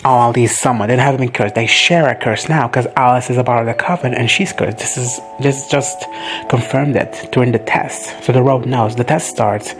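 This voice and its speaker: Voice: mid-range voice, steady tone, normal speed. Recap host, casual reaction talk, profane, gushing, faint music behind. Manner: profane, gushing, quotes characters in playful asides.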